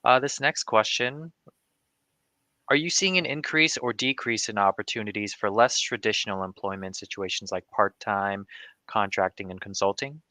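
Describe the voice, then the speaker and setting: Bright, dry-sounding male moderator. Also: lowish voice, dry recording. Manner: polite, brisk, reads audience questions aloud. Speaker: webinar moderator. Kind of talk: moderating a live Q&A.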